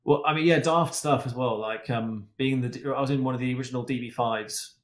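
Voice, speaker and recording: Speaking a little fast in a steady, medium-pitched voice, this man is a stunt and racing driver appearing as a podcast guest. He shares anecdotes in loose, chatty conversation, often restarting sentences and using fillers, in an echoey room.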